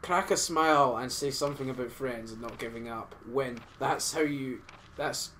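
A man co-hosting a game playthrough, cracking jokes, laughing a lot and blurting out loud remarks. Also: medium pitch, moderate pace, slight background noise. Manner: joking, loud outbursts, giggly. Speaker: let's play co-host. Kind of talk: casual gaming chat.

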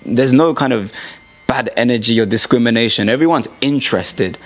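A man's voice: mid-range voice, normal speed. Earnest man in reflective chat. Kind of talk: casual chat.

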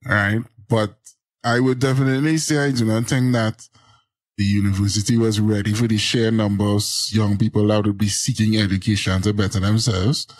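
A man from Trinidad, a guest on an interview podcast who explains things at length in a steady, drony voice. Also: fairly low pitch, normal speed, dry recording. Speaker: guest, agricultural journalist. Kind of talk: casual interview.

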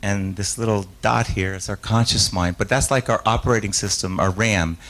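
A man's voice: lowish voice, moderate pace, fairly bright tone, low-quality recording. A man giving a live author talk and taking audience questions, a stage hypnotist who rambles, restarts his sentences and acts out voices in his stories. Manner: rambling, self-interrupting storyteller with frequent restarts and laughs.

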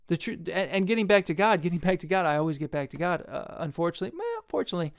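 A young man, an independent filmmaker, talking in a jumpy, self-deprecating ramble, laughing often and jumping suddenly into a high squeak. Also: quick pace.

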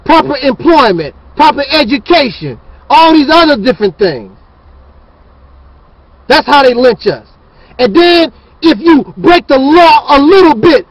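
A man's voice: very high voice, no echo, low-quality recording. A man hosting his channel, ranting in a fiery, preachy and scornful monologue. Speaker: channel host.

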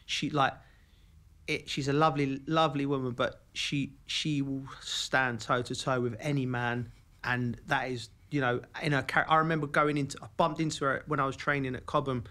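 A man with a London accent, a former footballer co-hosting a podcast, telling stories in casual chat and acting out the voices of the people he quotes. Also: medium pitch. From England. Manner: animated, acts out quoted voices.

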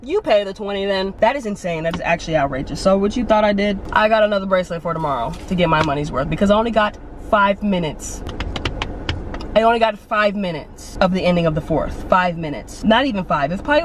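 A young woman rants to her viewers in a casual vlog, retelling every exchange with dramatic gasps and quick voices for the people she met. Her pitch sits mid-range for a woman, and she keeps it goofy and direct, talking right at the camera. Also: noisy background. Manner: animated, dramatic storytelling with gasps and acted-out quotes. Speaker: vlogger.

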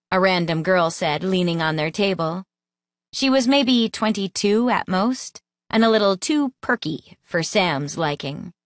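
A woman narrating an audiobook in a lively, expressive reading voice, close to the mic. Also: lowish voice, a little slow, no room sound. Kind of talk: scripted narration.

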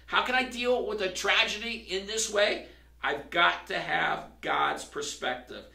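A man's voice: high-pitched, a little slow, creaky, pushed and bright, distant mic. A male pastor preaching a sermon in a conversational way that builds to emphatic questions. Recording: roomy, from across the room.

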